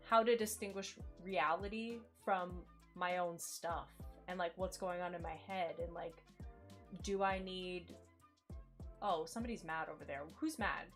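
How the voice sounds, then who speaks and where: A woman's voice: medium pitch, a bit bright. A woman chatting candidly with her live-stream viewers while playing a game, filling her talk with "like". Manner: chatty and candid, fillers like "like" everywhere, greets chat. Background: faint game music.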